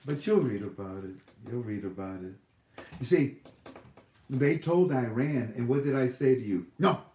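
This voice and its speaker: Brief: male host, loose rambling delivery, quick to laugh, roomy echo. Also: mid-range voice, lively intonation, warm tone, a little hiss or hum. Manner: rambling, joking, laughs often. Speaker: livestream host. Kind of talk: casual livestream Q&A.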